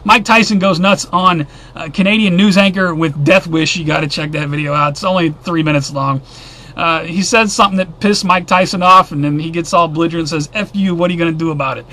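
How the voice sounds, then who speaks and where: A man's voice: fairly high pitch, steady tone, brisk, sharp tone. A man hosting a weekly news roundup, reading headlines and adding blunt, sarcastic asides in a casual way.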